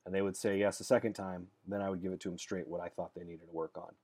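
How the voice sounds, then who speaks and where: Male dating coach, casual to-camera talk, lowish voice, blunt and rambling, restarts his sentences. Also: little pitch movement, quick pace, darkish tone. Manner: rambling storyteller, repeats words as he restarts; blunt, straight-talking.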